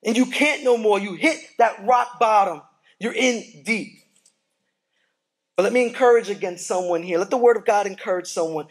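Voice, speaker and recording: A man preaching a sermon, moving from hushed, quiet passages to loud, emphatic ones, with many questions put to the congregation and words repeated as he starts his phrases. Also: high-pitched, normal speed, poor audio. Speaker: pastor.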